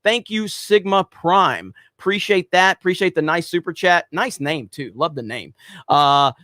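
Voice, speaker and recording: A man's voice: high voice, lively intonation, measured pace, pushed and bright, no room sound, clean studio sound. A man hosting a casual livestream, rambling with lots of fillers as he reads out viewer messages. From United States. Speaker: livestream host reading super chats.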